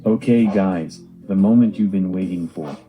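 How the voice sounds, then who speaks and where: A man's voice: deep voice, normal speed, dull audio, soft background music. A man narrating a homemade cartoon video diary with simple, earnest storytelling.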